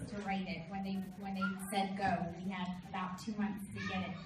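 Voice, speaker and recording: An upbeat woman co-author talking to a live audience in a chatty way. She sounds distant and heavily echoed. Loud background noise sits under her voice. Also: medium pitch, completely flat delivery, a little fast. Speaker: book co-author on a panel. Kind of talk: live panel Q&A. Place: large event room with an audience.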